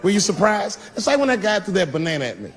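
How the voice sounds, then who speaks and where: A middle-aged man doing a live stand-up routine, punchy and profane, swinging between loud bursts and low asides. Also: big pitch swings, fast talker. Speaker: stand-up comedian. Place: comedy stage before a live crowd. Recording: noisy live stage recording with audience.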